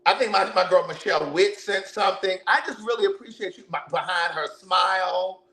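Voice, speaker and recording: Loud, high-voiced man. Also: brisk, roomy sound. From Baltimore, USA. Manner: loud, animated, profane banter addressing viewers as niece. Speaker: vlogger. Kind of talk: casual storytelling while cooking.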